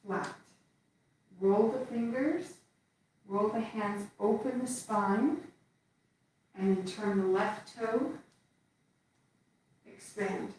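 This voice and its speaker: A woman teaching a qigong form, calmly cueing each step as she moves through it. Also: on the high side, slight background noise. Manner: calm step-by-step cueing while moving. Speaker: qigong instructor. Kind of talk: guided movement class. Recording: echoey room from far off.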